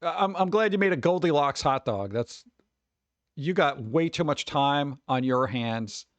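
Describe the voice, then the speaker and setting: A man's voice: a little high, animated, measured pace, no room sound. A man streaming casual commentary on food videos, exasperated and sarcastic, rambling and restarting.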